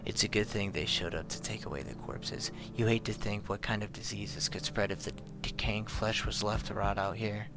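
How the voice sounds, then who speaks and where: Gravelly young man playing a horror game. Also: lowish voice, fairly even intonation, normal speed, few pauses. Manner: reads game text aloud, swears and yells at mistakes. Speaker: let's play gamer. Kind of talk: horror game playthrough commentary.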